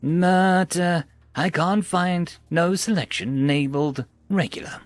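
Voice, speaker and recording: A man's voice: high-pitched, no echo. A man doing a smug food dispenser machine. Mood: prim. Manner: politely formal, deliberately slow and stiff.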